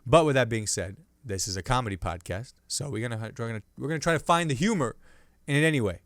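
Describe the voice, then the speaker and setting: A man's voice: medium pitch, expressive, quick pace, no room sound, studio quality. Playful man riffing on a podcast. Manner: playful, self-mocking, jumping from hushed asides to loud bursts. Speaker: podcast host and stand-up comedian. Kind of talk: loose comedic riffing on the news.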